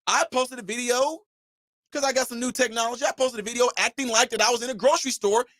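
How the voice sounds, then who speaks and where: A man hosting his own channel, delivering an emphatic commentary rant with shouted punchlines and mocking imitations of his critics. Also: extremely high pitch, steady tone, quick pace, dry recording. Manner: mocks imagined critics in a mimicking voice. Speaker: channel host.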